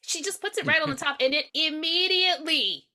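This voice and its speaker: Bright, slightly high woman podcaster. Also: a little fast. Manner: blunt and exasperated, swears. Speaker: podcast co-host. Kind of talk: casual movie-review chat. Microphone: podcast mic.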